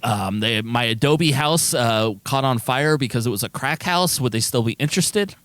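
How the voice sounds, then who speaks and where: A man's voice: mid-range voice, normal speed, fairly bright tone, dry recording. A man co-hosting a casual comedy podcast who tells rambling, profane stories and laughs partway through his sentences. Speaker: podcast co-host.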